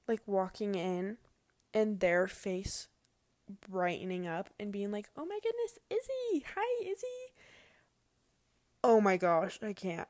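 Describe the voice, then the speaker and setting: Casting: young woman storyteller, gushing and conversational, filler-heavy, plain mid-pitched voice, dry unroomy sound. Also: a little mellow, no room sound. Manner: chatty and emotional, says "like" often. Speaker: vlogger. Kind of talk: casual personal storytelling.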